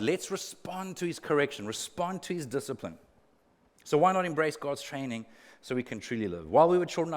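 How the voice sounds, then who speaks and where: A man's voice: fairly high pitch, in a large hall. A male pastor preaching a sermon in an earnest way, repeating words for emphasis and adding humorous asides. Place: church auditorium.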